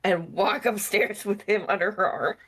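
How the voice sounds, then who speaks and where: A woman playing a tabletop role-playing game, describing her character's actions slowly and thoughtfully. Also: mid-range voice, fairly bright tone, husky. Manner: slow, thoughtful, hesitant. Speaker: player. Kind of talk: role-play narration.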